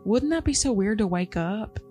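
A woman's voice: mid-range voice, expressive, normal speed, warm tone, faint music behind. A woman co-hosting a podcast, reading a paranormal story aloud and chatting casually; she calls herself easily scared. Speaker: podcast co-host.

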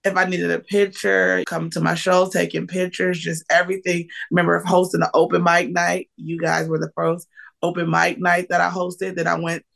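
Gravelly, animated woman comedian. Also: fairly low pitch, normal speed. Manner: lively and emotional, laughing often, with bursts of excitement. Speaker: guest, comedian and keynote speaker. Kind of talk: casual podcast interview.

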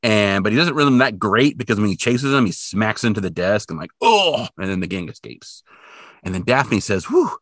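A man casually recapping a cartoon episode for a podcast, joking and acting out the characters in squeaky voices. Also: brisk, no echo, clean studio sound. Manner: animated, jokey, acts out characters in high squeaky voices. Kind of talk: casual chat.

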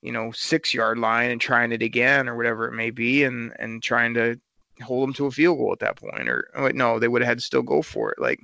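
A man co-hosting a casual sports talk show, breaking down a game in an animated, frustrated way. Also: mid-range voice, a little fast, vocal fry, no echo, highs cut off.

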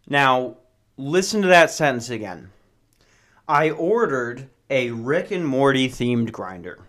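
A man's voice: mid-range voice, animated, slow pace, fairly bright tone. Profane, rambling man hosting a podcast. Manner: self-mocking, jokey. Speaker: solo podcast host. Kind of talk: casual solo podcast rant.

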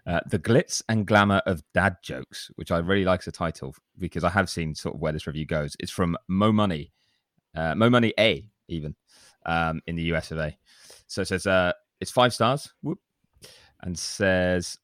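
A man with a very low voice co-hosting a casual podcast and reading listener reviews aloud. He teases the others easily. The sound is dry and close to the mic. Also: normal speed, a bit bright, no room sound. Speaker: podcast co-host. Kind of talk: casual chat.

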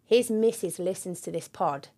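A woman's voice: on the low side, moderate pace, mellow. A young woman co-hosting a podcast in casual chat, giggly and reading out listener messages. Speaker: podcast co-host.

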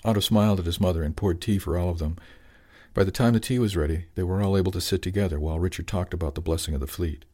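A man narrating an audiobook chapter in a calm, even storytelling manner. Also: deep voice, fast talker.

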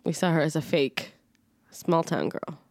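A woman co-hosting a casual movie podcast, relaxed and easy, laughing easily and doing voices. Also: sits low, measured pace, no room sound, clean studio sound. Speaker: podcast co-host.

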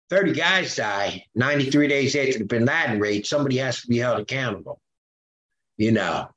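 Older man, roomy sound. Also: medium pitch. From Philadelphia, USA. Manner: animated, acts out quoted voices, frequent fillers. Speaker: podcast guest. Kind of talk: conversational storytelling.

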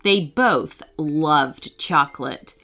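Slow, bright-voiced woman reading a children's story. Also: deep voice. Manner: gentle, expressive voicing of children. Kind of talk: scripted children's story narration.

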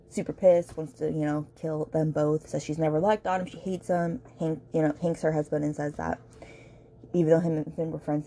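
Low, gravelly-voiced woman chatting casually. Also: mellow. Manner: chatty and gossipy, heavy filler words, addresses listeners directly. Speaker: podcast host reviewing books. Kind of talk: casual book recap.

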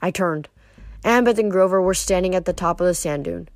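A woman's voice: on the low side, fairly quick, dry recording. Woman reading a novel aloud. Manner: expressive, voices characters, occasional slips and restarts. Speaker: reader.

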